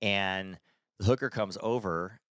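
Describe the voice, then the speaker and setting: Low-voiced rambling man, dry mic. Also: a little slow, fairly bright tone, clear, resonant tone, no room sound. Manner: rambling, stumbles and restarts often. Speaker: podcast co-host. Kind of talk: casual chat.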